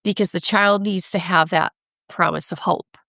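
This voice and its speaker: A woman speaking as an expert guest in a conversational interview, animated, acting out parents and kids, often asking "right?". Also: fairly low pitch, moderate pace, creaky, dry recording, studio quality. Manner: animated, acts out parents and kids in quoted voices; frequent laughs and "right?" tags.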